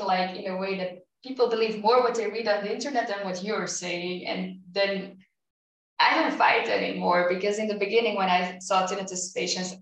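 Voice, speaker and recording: A woman's voice: mid-range voice, a bit bright, recorded from a distance. Belgian woman therapist in an echoey room. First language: not English. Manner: measured, explanatory, hesitant fillers. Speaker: tinnitus therapist, guest. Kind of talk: interview answers. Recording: roomy, off-mic sound.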